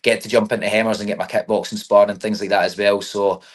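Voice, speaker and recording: A young Scottish man talks quickly in a casual interview, his voice on the low side. He speaks in a loose, chatty way and keeps dropping "mate" and "you know what I mean". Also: little pitch movement. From Scotland. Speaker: MMA fighter.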